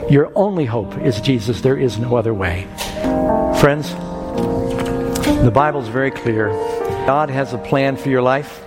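A man's voice: medium pitch, unhurried, long pauses. Man preaching an evangelistic sermon in a hall. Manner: storytelling, rising to impassioned calls. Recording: long hall reverb with faint music.

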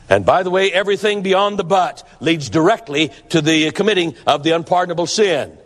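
A man's voice: fairly high pitch, animated, brisk, hardly any pauses. A man preaching a sermon in an earnest, emphatic way, often repeating words for stress. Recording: long hall reverb.

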